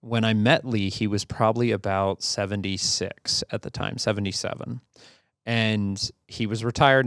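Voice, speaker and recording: A man with a low, gravelly voice tells a personal story on a podcast, easygoing and halting, full of fillers and restarts. The sound is dry and close. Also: no echo. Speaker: podcast co-host. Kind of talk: casual conversational storytelling.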